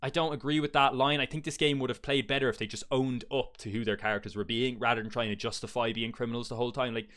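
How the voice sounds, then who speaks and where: A man's voice: medium pitch, fairly even intonation, fast talker, few pauses, a bit bright. A man giving a casual, blunt game review, chatty and peppered with fillers and swearing.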